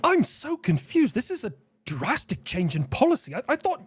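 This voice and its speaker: A man's voice: extremely high pitch, huge pitch swings, normal speed, breathy edge, no echo. A man in a satirical sketch, incredulous and interrupting with pointed questions.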